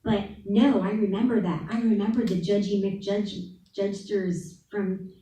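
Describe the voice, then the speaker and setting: A woman's voice: medium pitch, fairly even intonation, a little slow, mellow. A woman giving a candid, casual talk at a spiritual center, laughing often and saying "like" a lot. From New Orleans. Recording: echoey room, voice from far off.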